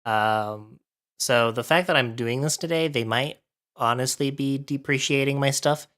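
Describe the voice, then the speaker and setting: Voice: mid-range voice, unhurried, fairly bright tone. A livestreamer chatting casually with viewers while setting up, a bit out of breath from allergies and thinking aloud.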